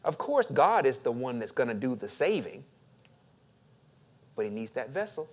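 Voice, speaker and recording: A man preaching a sermon as pastor, drawing the congregation into call and response and acting out quoted questions with a rising lilt, swinging between loud emphasis and quiet asides. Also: medium pitch, sing-song, normal speed.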